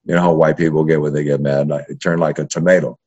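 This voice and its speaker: A fast-talking older man with a bass voice, a history professor from East Los Angeles, casually tells profane stories from his youth in an interview. He's animated and keeps throwing in "right?", and the lo-fi recording sounds dull.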